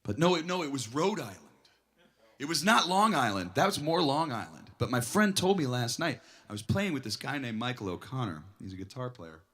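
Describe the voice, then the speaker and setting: Between songs at a record store in-store performance, a male singer-songwriter and guitarist chats with a small crowd, telling rambling stories and calling himself a nervous talker. His mid-range voice is very animated, a little fast, husky and a bit bright.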